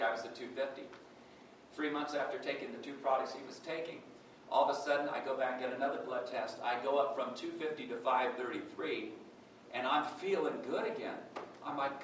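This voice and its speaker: A man gives a personal testimony at a workshop in a conversational, storytelling way, slipping into the back-and-forth of remembered dialogue. His voice sits at an everyday middle pitch. It is caught from a distance, with a lot of room echo and faint background noise. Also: fairly bright tone. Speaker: workshop speaker giving a testimony. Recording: echoey room from far off.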